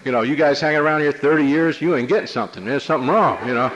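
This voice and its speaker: A man's voice: fairly high pitch, racing, lo-fi sound, background noise. A man from New Jersey telling his personal recovery story to a meeting, in a wry, streetwise, conversational manner. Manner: streetwise, wry, conversational with many "you know"s. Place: meeting room before an audience.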